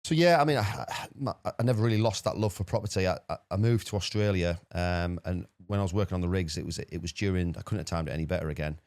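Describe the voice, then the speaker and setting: A low-pitched man from the UK, a guest on a podcast, tells a story casually, rapidly and animatedly, repeating lots of words. There's no room sound.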